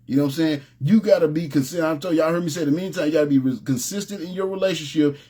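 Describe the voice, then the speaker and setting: A man preaching an informal sermon, telling stories in a relaxed, streetwise way and often asking "you know what I'm saying". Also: on the high side, very fast, breathy edge. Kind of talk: conversational sermon with storytelling.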